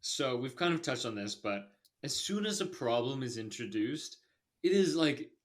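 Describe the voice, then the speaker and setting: A man's voice: medium pitch, very animated, normal speed. A man talking through a movie review in loose, casual podcast chat. His delivery is dry and sarcastic, with laughter slipping in as he mocks the plot. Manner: sarcastic, laughs while criticizing. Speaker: podcast co-host.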